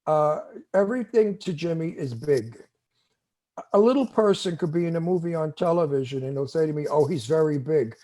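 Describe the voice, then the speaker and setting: A man's voice: fairly high pitch, brisk. Older Brooklyn man telling a story. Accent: Brooklyn New York. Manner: animated storyteller, acts out quotes. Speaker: TV show host, interviewee. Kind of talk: casual storytelling interview.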